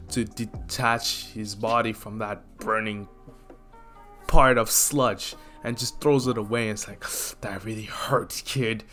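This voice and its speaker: A young man casually narrating a fan story in a rambling, relaxed way with plenty of fillers. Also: mid-range voice. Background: faint lofi music.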